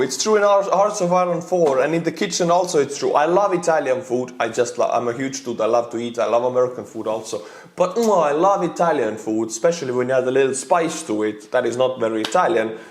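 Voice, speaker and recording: With an Estonian accent and a slightly high voice, a man reacts to memes in casual commentary, rambling, chuckling, and dropping earnest asides. The sound is reverberant.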